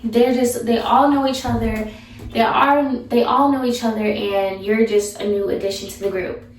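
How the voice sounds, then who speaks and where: A woman's voice: on the high side, fairly even intonation, normal speed. Sassy young woman in an echoey room. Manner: sassy, blunt, chatty with restarts. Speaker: vlogger giving advice. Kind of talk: casual advice chat. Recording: echoey room, mic far off.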